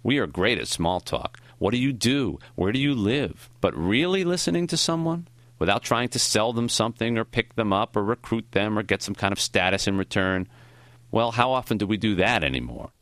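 A man narrating a first-person memoir audiobook in a reflective, measured way. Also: lowish voice, expressive, a bit bright, no echo.

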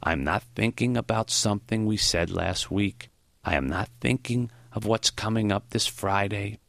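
A man voicing a frail, gentle old male professor in an audiobook, with a foggy, high-pitched voice and slow, earnest speech. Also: creaky, no room sound. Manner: slow, warm, earnest counsel. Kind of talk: audiobook character voice.

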